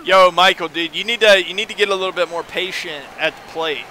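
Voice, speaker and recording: A man's voice: sits high, brisk, pushed and bright, a little hiss or hum. A man streaming a video game, chatting casually and rambling to his viewers. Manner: rambling, chatty, reads chat aloud. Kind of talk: casual gaming stream chat.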